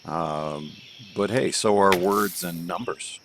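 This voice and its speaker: A man with a fairly low voice gives casual live commentary on a golf game from home. He rambles and jokes, thinking out loud with lots of ums. Faint crickets chirp in the background. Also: slow pace, gravelly, background noise. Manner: rambling, joking, thinks aloud with fillers. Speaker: streamer reviewing user-made golf courses.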